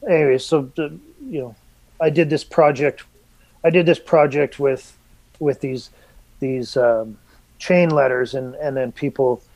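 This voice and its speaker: A man's voice: medium pitch, steady tone, a little slow, a little mellow, no room sound, poor audio. A man guesting as an artist, talking casually and rambling with lots of fillers, restarts and swearing. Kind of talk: casual conversation.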